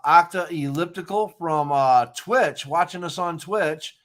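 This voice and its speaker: A man hosting a casual chat, relaxed and a little hesitant. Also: on the high side, a little slow, noisy background.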